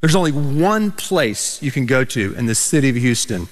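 A pastor preaching a sermon, telling stories with animated, emphatic delivery. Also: male voice, mid-range voice, normal speed. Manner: animated storytelling, rising to emphatic peaks. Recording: reverberant church hall.

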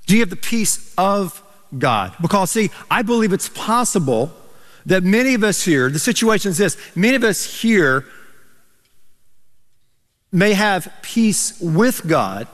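A pastor preaching a sermon, telling stories with animated, emphatic delivery. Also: male voice, high-pitched, unhurried, pauses often. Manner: animated storytelling, rising to emphatic peaks. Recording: reverberant church hall.

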